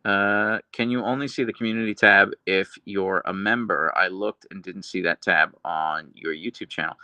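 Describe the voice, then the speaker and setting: A man hosting a live stream, reading chat messages aloud in a dry, deadpan, casual way. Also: sits low, normal speed, no room sound. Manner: chatty, earnest, with restarts and laughs. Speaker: livestream host reading chat.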